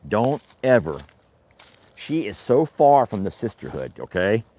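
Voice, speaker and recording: With a fairly low, warm voice and big pitch swings, a rancher speaks at a measured pace while doing chores outside. His casual vlog narration is folksy and rambling, and he chats with his animals; the outdoor recording sounds dull and lo-fi.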